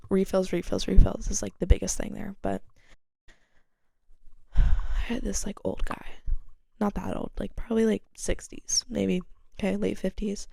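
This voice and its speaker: A young adult woman tells a casual story on her podcast in a dark, relaxed voice threaded with gravelly fry. She's chatty and candid, swears freely and says "like" constantly, and when she quotes others she turns animated, with sharp jumps in pitch and loudness. The recording is close and dry, with no room sound at all.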